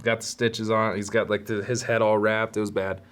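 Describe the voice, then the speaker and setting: A man's voice: lowish voice, level tone, moderate pace, fairly bright tone. A man hosting his own podcast, telling stories from childhood in a candid, rambling, self-deprecating way. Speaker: podcast host. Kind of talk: solo storytelling podcast.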